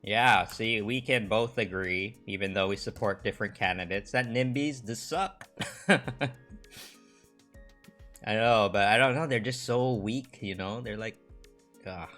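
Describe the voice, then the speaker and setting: Casual male streamer, lowish voice with a bright edge, halting and filler-heavy, faint music behind. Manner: rambling, halting, lots of fillers. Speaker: livestream host. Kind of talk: casual chat with live viewers.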